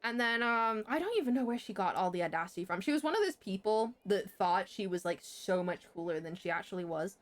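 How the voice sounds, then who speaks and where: A young woman streamer telling a story in casual chat, swearing freely and jumping sharply in pitch. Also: expressive, a little fast, hardly any pauses.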